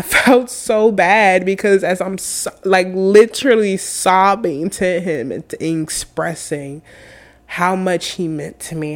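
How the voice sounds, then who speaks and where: Slow, low-voiced tearful young woman. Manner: earnest, halting, heavy on fillers. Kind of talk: emotional personal storytelling.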